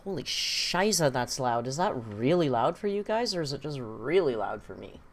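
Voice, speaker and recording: A woman's voice: extremely low pitch, very animated, normal speed, loud music behind the voice. A woman hosting a casual live-stream reaction, chatty and exclamatory with some swearing. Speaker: livestream reaction host.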